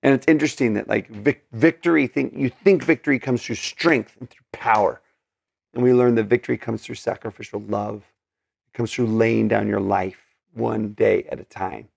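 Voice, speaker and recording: A man's voice: fairly low pitch, steady tone, moderate pace, vocal fry, dry recording, clean studio sound. A man teaching scripture in an earnest, conversational way, with many fillers and restarts. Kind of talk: casual scripture study talk.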